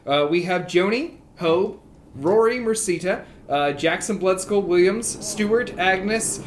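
A man narrating a tabletop game as game master, in a loose, rambling way with many filler pauses. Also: high-pitched, lively intonation.

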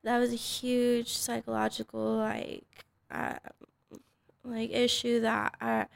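A woman's voice: on the high side, completely flat delivery, slow pace, creaky, no echo. A woman, a fighter guest, chatting casually and hesitantly, with many fillers and restarts. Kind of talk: casual podcast chat.

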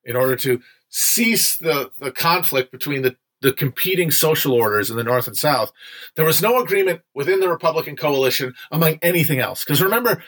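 A young man hosts a relaxed livestream talk about a book he has been reading with his viewers. His voice sits a little high and rings bright. He rambles, restarts and fills gaps with "uh", and drops a curse now and then. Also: brisk. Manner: loose, chatty, digressive with frequent fillers and profanity. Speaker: livestream host discussing a history book. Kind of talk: casual livestream book discussion.

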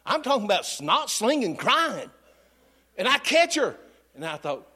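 A pastor in middle age, his voice sitting high for a man as he preaches. He tells homespun, joking stories from the pulpit in a folksy, down-home way. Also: big pitch swings, unhurried, pushed and bright, husky. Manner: folksy, humorous storytelling preacher. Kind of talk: sermon.

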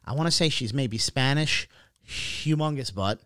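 A man's voice: mid-range voice, a little slow, fairly bright tone, no echo. Dry-sounding man telling a story hesitantly. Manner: hesitant storytelling full of fillers and restarts. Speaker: podcast co-host. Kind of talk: casual chat.

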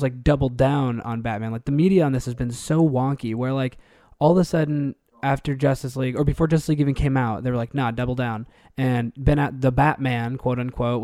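A man co-hosting a podcast, chatting casually in an animated, rambling way with frequent laughs. His voice sits mid-range and is recorded close and dry. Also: mid-range voice, dry recording. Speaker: podcast co-host. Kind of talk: casual chat.

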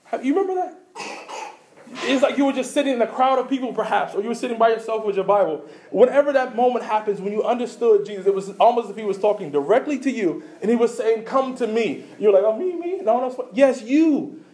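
A man with a high voice preaching a sermon. He fires rhetorical questions at the listeners, repeats key words for emphasis, and drops into quiet low asides between loud points. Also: fast. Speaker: pastor.

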